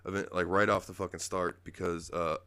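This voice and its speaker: A man with a very low voice chats on a podcast and tells stories with lively energy. The sound is dry and close, with no room around it. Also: fairly quick, clean tone, no echo. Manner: animated storytelling, puts on character voices. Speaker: podcast host. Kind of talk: casual chat.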